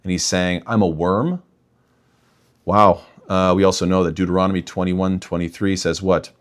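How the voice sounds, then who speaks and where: A man's voice: low-pitched, little pitch movement, brisk, smooth. A young man talking straight to his listeners in an emphatic religious rebuttal, often calling them "guys". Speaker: imam and apologetics speaker.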